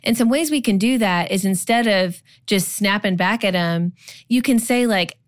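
A woman's voice: medium pitch, normal speed, no room sound, clean studio sound. A woman in her forties co-hosting a podcast, giving casual marriage advice in a chatty way, full of "like" and "you know". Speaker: podcast co-host.

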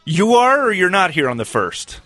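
A man's voice: sits high, big pitch swings, normal speed, sharp tone, no room sound, faint music behind. A man hosting a radio show in casual chat, full of wry, teasing banter. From American South.

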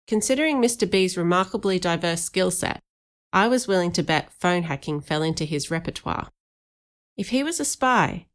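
A woman reads an audiobook aloud with lively storytelling. Her voice sits on the lower side for a woman, steady and clear in delivery. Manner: lively storytelling, animated for dialogue. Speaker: audiobook narrator. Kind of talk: audiobook narration.

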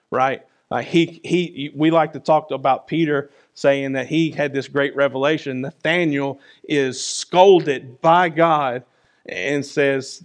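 A man's voice: a little high, fairly even intonation, slow. Man preaching with rising and falling force. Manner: emphatic, swings between loud and soft; conversational, often asks "right?". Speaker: pastor. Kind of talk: sermon.

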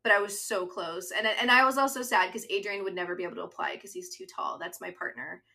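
A woman in her thirties with a bright, clear voice co-hosts a podcast. She chats earnestly, full of fond enthusiasm. Now and then she reads out a summary in a brisk, practiced way. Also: medium pitch. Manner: earnest and chatty, reads episode summaries aloud. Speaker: podcast co-host. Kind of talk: casual chat.

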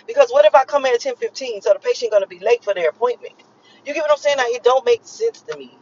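A woman's voice: high voice, animated, quick pace, darkish tone, a little hiss or hum. A woman in her thirties from Miami, ranting casually to her viewers in a profane, emphatic way and repeating herself for emphasis. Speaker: vlogger. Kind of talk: casual rant to camera. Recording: slightly lo-fi recording.

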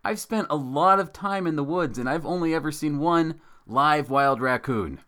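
A man in his thirties co-hosting a casual comedic chat, telling stories with lively acted-out quotes. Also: a little high, normal speed. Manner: animated storytelling, acting out quoted voices. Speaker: podcast co-host.

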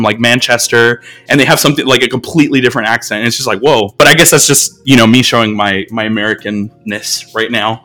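A man's voice: mid-range voice, fairly bright tone. An American man hosting a podcast, talking casually in a rambling, filler-heavy, self-deprecating way. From United States. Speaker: podcast host.

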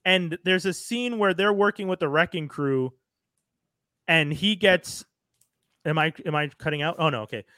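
A high-pitched man with a bright, forward tone chats about comics with friends. He is animated and swears freely. The sound is close and dry. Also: moderate pace, dry recording. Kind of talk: casual comic book chat.

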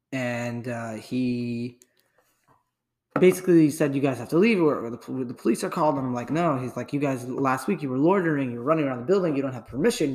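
A man's voice: mid-range voice, darkish tone. A young man casually telling a story, rambling with lots of "like" and restarts. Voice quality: gravelly.

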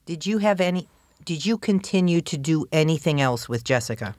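A woman prosecutor questioning a witness in court, with measured, probing questions. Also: low-pitched, lively intonation, a little mellow, no room sound, studio quality.

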